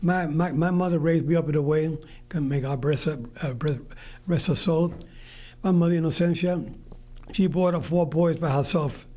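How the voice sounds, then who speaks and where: A man's voice: on the high side, fairly even intonation, moderate pace, mellow. An older man hosting his radio show alone, talking in an earnest, rambling, motivational way from the studio. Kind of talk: solo talk show monologue.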